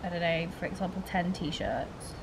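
A woman's voice: lowish voice, moderate pace. Chatty young woman vlogging. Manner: chatty, explains plans step by step. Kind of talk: casual vlog chat.

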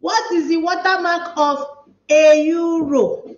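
A woman's voice: extremely high pitch, fairly even intonation, slow pace. A woman with a Nigerian accent hosting a casual live stream, playfully chatting and reading out viewers' comments. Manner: playful, chatty, mixes pidgin with English. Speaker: livestream host. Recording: echoey room, slightly dull sound.

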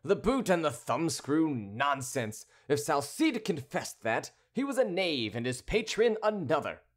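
A man's voice: fairly high pitch, very animated, a little slow, pitched above the performer's own voice. A man voicing a brash young Gascon swordsman. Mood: scornful. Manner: blunt, scoffing, defiant.

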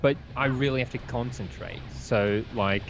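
A man's voice: mid-range voice, normal speed, slight background noise. A man chatting casually on a game stream, laughing often. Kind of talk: casual chat over gameplay. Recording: slightly dull lo-fi mic.

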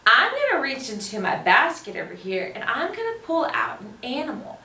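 Brief: woman storytime host, high, animated sing-song delivery, slow and clear, echoey room, mic at a distance. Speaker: children's librarian storytime host. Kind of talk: reading picture books aloud to children. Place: library room. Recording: roomy, voice from a distance.

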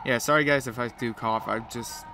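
A man's voice: medium pitch, unhurried, crowd noise. A man with a cold giving profane, joking play-by-play commentary while playing a game. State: has a cold. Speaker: gamer commentator.

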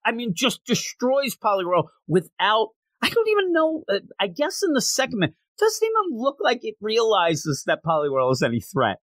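Excitable man hosting a review podcast. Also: high voice, moderate pace, few pauses, dry recording. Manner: animated, excitable storyteller acting out quotes. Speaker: podcast co-host. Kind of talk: casual manga review chat.

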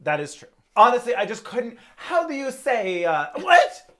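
A man co-hosting a film review podcast, animated and agreeable in casual chat. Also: very high voice, moderate pace.

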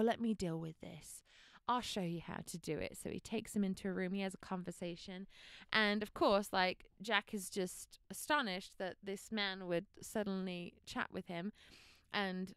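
Smooth, animated woman telling a story. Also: mid-range voice, dry recording, studio quality. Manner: animated, laughing often, acting out her own thoughts. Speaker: podcast host. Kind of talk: personal storytelling podcast.

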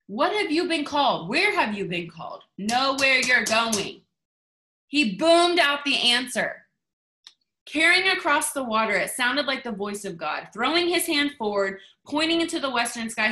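A woman leading her team on a video call, giving an animated, sassy motivational talk while reading a book aloud. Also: high-pitched, measured pace. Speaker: team leader. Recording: roomy echo on a video call.

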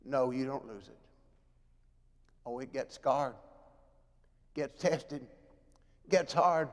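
A man preaching a sermon in a church, dramatic, moving from loud pleading to hushed, quiet lows. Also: slow pace, pauses often. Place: church sanctuary. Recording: long reverb of a church hall.

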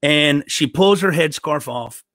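A man telling a personal faith story in an earnest, halting way, often restarting his sentences. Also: on the high side, a bit bright, dry recording. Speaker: podcast host telling a personal testimony. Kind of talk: emotional storytelling testimony.

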